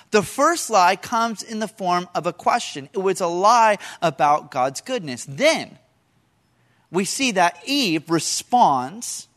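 A man preaching a sermon to a congregation, telling animated stories and asking the listeners questions. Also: sits high. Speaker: pastor.

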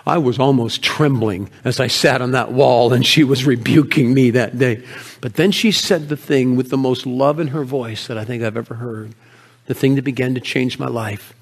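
Speaking as a proud male shepherd of old Bethlehem who is mourning, an actor tells his own story with emotion, frequently dropping to a hush. The delivery is earnest and only lightly acted, in a mid-range voice at a moderate pace.

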